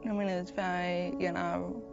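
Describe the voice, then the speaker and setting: A woman with a gravelly voice speaks hesitantly and with emotion. The film audio is slightly muffled, with faint music in the background. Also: fairly low pitch, flat delivery, moderate pace. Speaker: interviewee. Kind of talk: documentary testimony.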